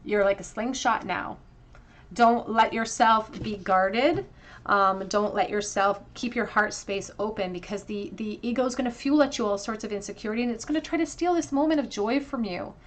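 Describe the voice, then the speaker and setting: A woman giving a tarot card reading to her viewers, earnest and emotional, often pausing with fillers and restarts. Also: on the high side. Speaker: tarot reader.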